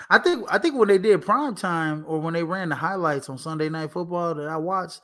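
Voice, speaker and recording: A man with a high voice talks sports in a loose, rambling way. He leans on fillers and restarts, laughs easily, and sounds relaxed. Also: normal speed. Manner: laid-back, lots of fillers and restarts, laughs often. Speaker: podcast co-host. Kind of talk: casual sports talk.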